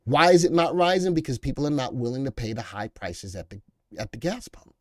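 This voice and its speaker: A middle-aged man with a medium-pitched, brisk voice hosts a live stock market stream, reading headlines aloud and then answering viewers in chat in an off-the-cuff, emphatic style. His pitch jumps up when he hammers home a point, then settles back. The sound is close and dry, with no room echo.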